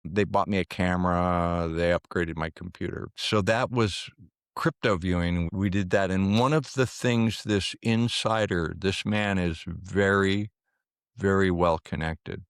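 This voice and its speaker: Male guest, deep gravelly voice, lively storyteller who acts out dialogue, dry close mic. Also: unhurried, dry recording. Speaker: podcast guest, remote viewer. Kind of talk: conversational storytelling.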